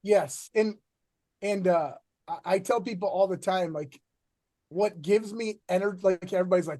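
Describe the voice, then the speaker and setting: A middle-aged man, an athletic director, talking in a casual interview with energetic bursts and many restarts. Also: sits high, unhurried, dry recording. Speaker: athletic director, podcast guest.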